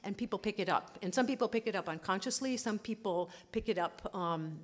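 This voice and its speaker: A woman linguist giving a lively conference talk, often checking in with her audience. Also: mid-range voice, brisk. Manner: lively, animated teaching with many "okay?" check-ins. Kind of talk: lecture at a language conference. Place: conference hall.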